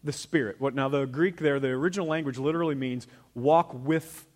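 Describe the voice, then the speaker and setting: Talking fairly quickly in a mid-range voice, a male pastor preaches to his congregation in a church sanctuary. His conversational delivery swings from loud emphasis to hushed asides.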